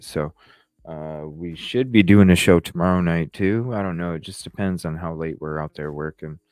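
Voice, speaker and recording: A man with a very low voice hosts a late-night podcast, sounding tired and yawning as he chats loosely with his viewers. He swears freely and reacts to their comments as they come in. The sound is dry and close, with faint music underneath. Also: no echo. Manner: casual, swears freely, reads and answers chat. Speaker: podcast host.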